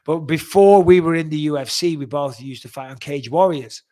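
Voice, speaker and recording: A man's voice: fairly high pitch, moderate pace, warm tone. A man in his forties, answering fan questions in a blunt, rambling way and swearing freely. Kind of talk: casual fan Q&A.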